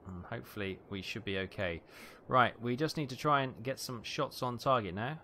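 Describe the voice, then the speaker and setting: A man giving tense, excitable live commentary on a naval battle game, calling out ranges and fire orders. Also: mid-range voice, moderate pace, a little hiss or hum. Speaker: gameplay commentator.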